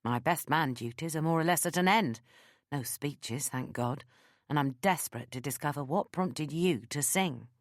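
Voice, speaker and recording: A woman's voice: sits low, moderate pace, no echo, lightly acted. A woman reading the lines of a confident man who teases with a dry, playful manner, in an audiobook. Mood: teasing. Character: teasing confident man, a marine best man.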